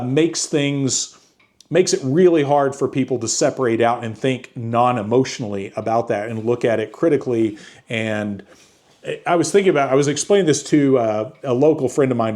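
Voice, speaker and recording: A man casually talking through a book review, halting often with fillers and restarts. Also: mid-range voice, dark tone. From United States.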